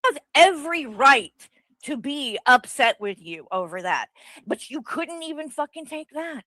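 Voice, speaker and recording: A woman with a bright, sharp voice lays out her grievances in a long heated argument. She swears freely and keeps circling back to her point. The sound is dry and close. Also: high voice, animated, unhurried, no echo, rough recording. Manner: blunt, swearing, rambling accusations. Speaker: guest confronting the host.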